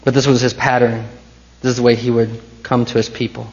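Guy preaching, gravelly voice, gets quiet then climbs way up, bit of a dull lo-fi sound. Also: mid-range voice, flat delivery, fairly quick. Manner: impassioned preaching, swinging from hushed to rising. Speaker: pastor. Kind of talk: sermon.

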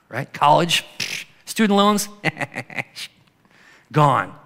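A male pastor preaching a sermon in a conversational way, slowing and softening when he reads scripture. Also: medium pitch. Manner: conversational preaching, drops to soft slow scripture reading. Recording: long hall reverb.

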